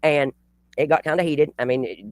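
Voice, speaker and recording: Brief: quick, blunt woman host, swears freely, rambles through a retelling, dry close sound. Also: sits low, steady tone, a little mellow, no room sound. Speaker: channel host. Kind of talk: casual livestream storytelling.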